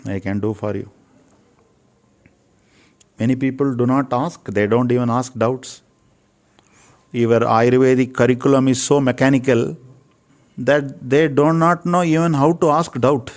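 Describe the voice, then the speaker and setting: A man's voice: mid-range voice, fairly even intonation, a little slow, long pauses. An older man with an Indian English accent, speaking as an interviewed Ayurvedic physician in an earnest, preachy way, repeating phrases for emphasis. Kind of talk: earnest spiritual talk.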